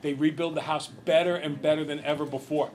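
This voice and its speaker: A man's voice: fairly high pitch, fairly quick, a crowd in the background, low-quality recording. Chatty man teaching a classroom math lesson. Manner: lively, chatty storyteller who quizzes the class. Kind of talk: classroom lecture with storytelling.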